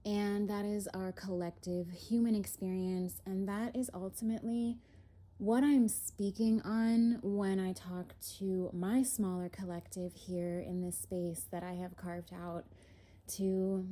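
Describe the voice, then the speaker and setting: A young woman doing a casual spiritual chat as an oracle card reader, slightly out of breath, airy and unhurried, with soft laughs. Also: mid-range voice, steady tone. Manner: slow, airy, lots of "if you will" and soft laughs. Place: home, indoors.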